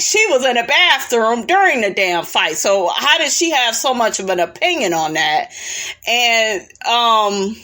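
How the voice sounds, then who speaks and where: A woman's voice: fairly high pitch, lively intonation, slow pace, sharp tone. Sassy, blunt woman recapping reality TV. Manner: blunt, sassy, profane, talks back to the people she recaps. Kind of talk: casual recap commentary.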